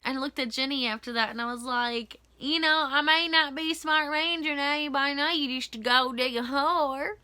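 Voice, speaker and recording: A young woman tells a story-time vlog in a heated, profane rant. Her voice sits a little high and bright, with a forceful edge. She is recorded close and dry, with no room sound. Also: no room sound. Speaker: vlogger.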